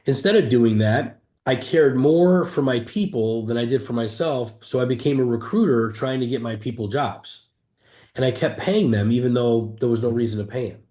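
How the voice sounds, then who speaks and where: A man's voice: mid-range voice, moderate pace, dark tone. A man, an entrepreneur guest, candidly retelling a hard stretch of his life in an interview, earnest and emphatic with frequent restarts. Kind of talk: candid personal storytelling in an interview. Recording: roomy echo.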